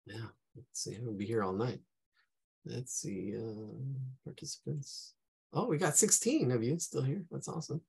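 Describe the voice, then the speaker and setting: A man teaching a live online drawing class, chatting casually and humming to himself as he sketches, his voice going and his throat clearing often. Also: mid-range voice, moderate pace, darkish tone. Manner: casual, hums and talks to himself while sketching.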